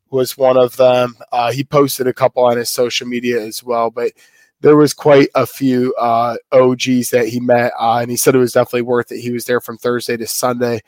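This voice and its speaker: A man's voice: medium pitch, monotone, fairly quick, a little mellow, dry recording. Man, podcast co-host, rambling casual talk, dry close sound. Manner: rambling, many fillers and restarts. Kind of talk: casual wrestling podcast chat.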